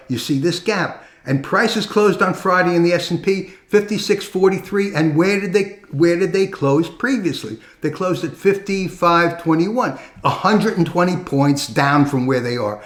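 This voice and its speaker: A man hosting a trading channel, talking through chart levels step by step in a conversational way. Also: a little high. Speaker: trading educator. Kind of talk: market analysis talk. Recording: roomy echo.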